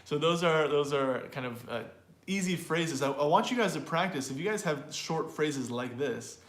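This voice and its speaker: A man's voice: on the high side, lively intonation, normal speed, a bit bright, roomy sound. A man teaching an online pronunciation lesson, chatty and loose, repeating example phrases aloud to show how they sound. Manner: loose and chatty, with fillers and small laughs. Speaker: language teacher and host.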